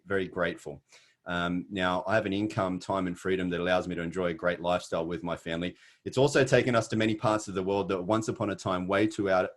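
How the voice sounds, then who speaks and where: A middle-aged Australian man with an Australian accent, giving an earnest motivational webinar talk with many fillers and restarts. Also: on the low side. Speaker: webinar presenter. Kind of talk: motivational presentation.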